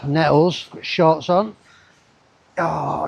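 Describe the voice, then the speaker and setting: A man's voice: fairly high pitch, unhurried, a little mellow. A man, chatting casually to his camera as he walks through a river gorge outdoors, rambling with asides to himself. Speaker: travel vlogger. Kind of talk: casual walking commentary.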